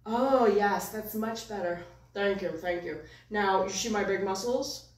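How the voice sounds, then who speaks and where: A woman's voice: mid-range voice, unhurried, close to an everyday voice. A woman voicing a boastful male puppet who loves working out, bragging and getting touchy when doubted. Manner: bragging, then touchy and sulky. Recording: echoey room, far from the mic.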